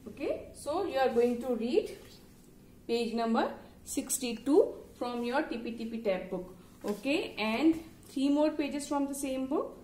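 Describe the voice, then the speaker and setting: A woman's voice: high-pitched, a little mellow. A woman with an Indian English accent teaching phonics to young children, patiently spelling out words letter by letter. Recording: echoey room, faint background noise.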